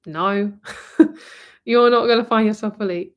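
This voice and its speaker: A woman's voice: fairly high pitch, takes it slowly, long pauses. Chatty English woman reading tarot live. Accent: southern English. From England, near London. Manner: chatty and rambling, full of "like" and "um", calls the viewer "my lovely" and "girl". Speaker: tarot reader. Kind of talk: live-stream tarot reading, talking to viewers.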